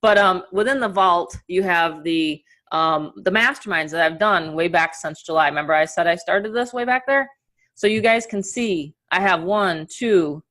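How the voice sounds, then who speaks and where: A middle-aged woman with a New York accent, giving an energetic, upbeat webinar as an online marketing coach over a video call. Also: medium pitch. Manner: energetic and upbeat, talks in quick bursts. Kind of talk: live webinar presentation.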